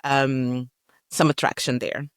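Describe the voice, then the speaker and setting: A woman's voice: rumbling low, little pitch movement, clean tone, dry recording. Easygoing woman co-host, dry close sound. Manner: halting, agreeable, laughs along. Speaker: podcast co-host. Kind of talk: casual chat recapping a TV show.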